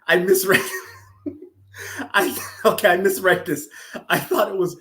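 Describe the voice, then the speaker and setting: High-voiced man chatting slowly and crudely. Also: fairly bright tone. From Los Angeles, California. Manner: crude, joking, often laughing. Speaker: streamer reading chat. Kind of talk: casual live-stream chat.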